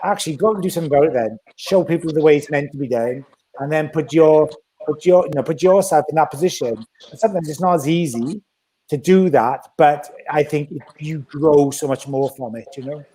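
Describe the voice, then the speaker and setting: Male podcast co-host, blunt and animated, higher voice, dark tone. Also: fairly quick, slight background noise. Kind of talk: casual podcast chat.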